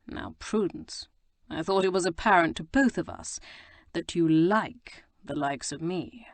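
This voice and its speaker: A woman's voice: lowish voice, measured pace, dry recording, natural voice. A woman voicing a roguish young Regency lord who teases in a drawling, mock-innocent way. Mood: teasing.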